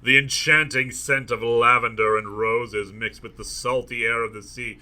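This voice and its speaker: A man's voice: mid-range voice, steady tone, moderate pace, bright, forceful tone. A man hosting a comedic reading of a novel, reading passages aloud in a mock-dramatic way and breaking off for jokey asides. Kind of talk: comedic book reading with commentary.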